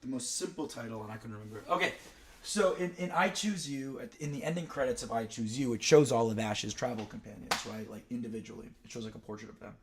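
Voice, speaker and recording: Young male streamer, casual and digressive, loose storytelling, average pitch. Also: quick pace. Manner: rambling, digressive storytelling with many fillers. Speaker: streamer ranking cartoon characters. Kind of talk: casual chat.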